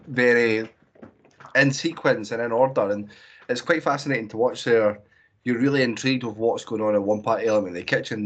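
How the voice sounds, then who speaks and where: A Scottish man co-hosting a podcast, talking through a film in a measured, thoughtful way. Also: on the low side, slightly rough, muffled recording. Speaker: podcast co-host. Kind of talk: casual film-review chat.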